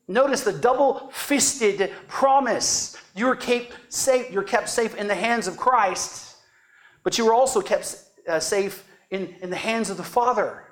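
A man's voice: high voice, measured pace. Earnest preacher man, emphatic teaching. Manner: earnest, emphatic, stresses key words and asks "right?". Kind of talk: sermon teaching.

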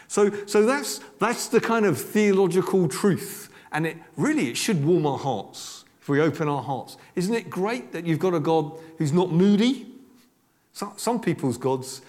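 A man's voice: a little high, big pitch swings, normal speed, a little mellow. An older man preaching a sermon in a church, emphatic, with repeated words and asides. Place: church hall. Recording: long hall reverb.

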